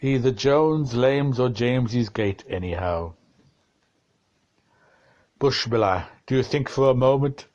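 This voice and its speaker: A man reading a dense novel aloud, slow and deliberate, shifting his tone for the quoted exchanges. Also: mid-range voice, a little mellow, highs cut off. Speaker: reader of a novel.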